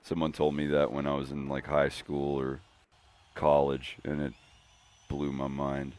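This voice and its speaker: A male streamer chatting casually on a live stream, who laughs often and bursts into loud, excited mimicry. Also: rumbling low, a little slow, faint music behind.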